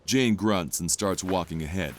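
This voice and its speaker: Faint background noise sits beneath a man's very low voice as he reads audio drama narration, steady and descriptive.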